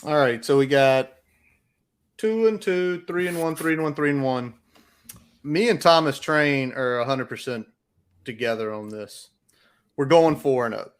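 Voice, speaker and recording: A man's voice: mid-range voice, a little slow, smooth. A man hosting a casual sports podcast, brash and emphatic with his opinions. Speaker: podcast host.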